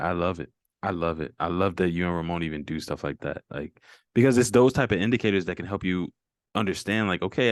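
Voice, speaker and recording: Deep-voiced man coaching on a call. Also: no echo, studio quality. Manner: encouraging, lots of "mm-hmm" affirmations. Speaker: fitness coach and host. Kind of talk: casual video call check-in.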